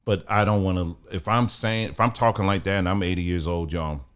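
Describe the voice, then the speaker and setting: A man hosts live news commentary, talking straight to his viewers. He sounds exasperated and often repeats himself. His voice sits fairly low. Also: steady tone, a little fast, smooth. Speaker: host.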